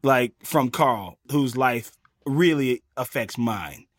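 A man's voice: mid-range voice, expressive, slow pace, no echo, studio quality. A man, a guest comedian, in casual chat, talking animatedly in a mocking, playfully ranting way.

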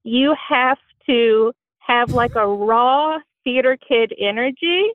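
A woman from Indiana with a Southern-sounding accent calls in over a thin, tinny phone line. Her voice sits a little high, and her humor is wry and self-deprecating. The line is dry, with no room echo. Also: takes it slowly. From Bloomington, Indiana. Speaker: caller. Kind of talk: phone-in conversation.

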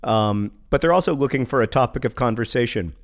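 A man co-hosting a podcast in relaxed, casual chat. He delivers his lines with a dry, wry wit and laughs easily. His voice has an ordinary middle pitch for a man. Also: a little fast. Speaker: podcast co-host.

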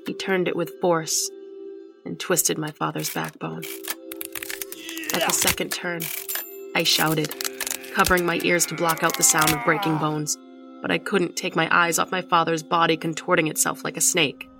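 A woman's voice: sits low, moderate pace, vocal fry. A woman narrating a horror story in the first person, with a tense, dramatic reading. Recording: music behind the voice.

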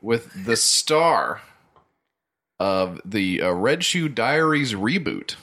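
A man co-hosting a comedy podcast, giving improvised banter in a deadpan mock-newscaster delivery. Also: on the low side, takes it slowly. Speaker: podcast co-host.

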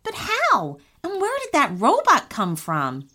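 A woman voicing Rami, an eager and cheerful young boy, with bright, excited questions in a storybook reading. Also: sits high, slow, voice pushed up, exaggerated voice.

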